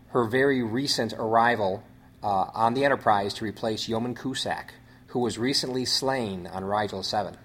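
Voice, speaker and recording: A man with a husky, mid-pitched voice reads a story synopsis aloud as host. He moves through it in measured phrases and now and then stops to restart a word. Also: fairly bright tone.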